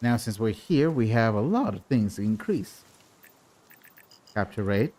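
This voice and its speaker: A man's voice: fairly low pitch, very animated, a little slow, warm tone. Man rambling over game commentary. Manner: rambling, with frequent restarts and repeated words. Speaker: gaming video host.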